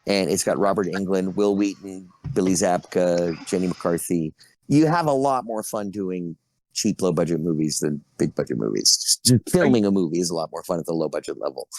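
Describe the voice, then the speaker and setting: A man's voice: low-pitched, animated, moderate pace, darkish tone, no echo. A middle-aged man telling long, rambling stories as a guest on a casual podcast. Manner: rambling storyteller, laughs between stories. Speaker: guest actor.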